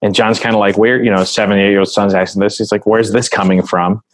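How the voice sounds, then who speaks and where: A man's voice: on the low side, little pitch movement, fast, no echo, poor audio. A man speaking as a podcast guest in a casual interview conversation, earnest and reflective as he tells a story.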